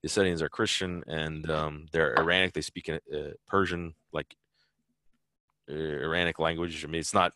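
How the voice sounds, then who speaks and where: A man's voice: a bass voice, flat delivery, moderate pace, sharp tone. A man answering interview questions in a loose, rambling way, full of fillers and restarts. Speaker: interview guest, traveler. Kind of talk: casual conversational interview.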